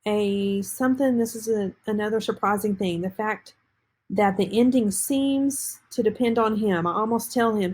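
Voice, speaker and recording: Husky woman reading a novel aloud. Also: medium pitch, a little mellow. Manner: halting, stumbles and restarts words. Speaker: reader.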